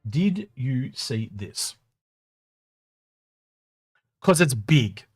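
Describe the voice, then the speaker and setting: A man co-hosting a casual gaming chat, animated and quick to laugh. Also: mid-range voice, husky, no echo, clean studio sound, soft background music. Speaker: co-host.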